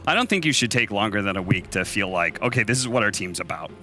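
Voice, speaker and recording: Animated man with a sharp, bright voice. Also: fairly low pitch, fast talker, soft background music. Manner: chatty, animated, laughs easily. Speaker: esports analyst. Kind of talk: live esports desk analysis.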